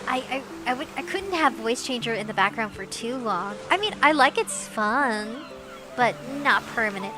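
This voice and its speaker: A woman livestreaming from home on a desk mic, chatting casually with viewers in a bubbly, giggly way, with a high, squeaky voice. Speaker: VTuber livestreamer. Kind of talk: casual stream chat. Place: home streaming setup. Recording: music playing behind.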